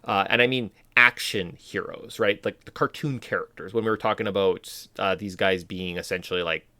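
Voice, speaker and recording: Rambling low male podcast co-host, dry. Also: steady tone, moderate pace, bright, forceful tone, dry recording. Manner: rambling, filler-heavy, mock-quotes with jumps in pitch. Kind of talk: casual chat.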